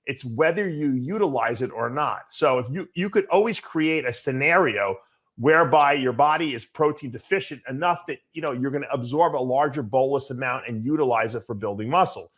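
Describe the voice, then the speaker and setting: An older man hosting a bodybuilding Q&A show, answering in a blunt, animated, storytelling way with some swearing. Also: mid-range voice, brisk. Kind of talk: casual Q&A answer.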